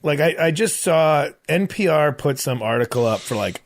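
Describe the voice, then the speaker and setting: A man co-hosting a comedy podcast, talking in a loose, swearing, animated way and acting out quoted voices. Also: fairly high pitch, moderate pace, dry recording. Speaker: podcast co-host. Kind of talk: casual comedic chat.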